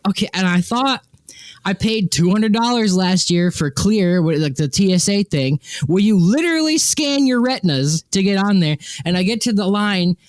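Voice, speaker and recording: A man co-hosting a podcast, telling a story in casual chat, lively and swearing, acting out the people he quotes. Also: high-pitched, normal speed, dry recording. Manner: animated, swearing, quotes people in exaggerated voices. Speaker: podcast co-host.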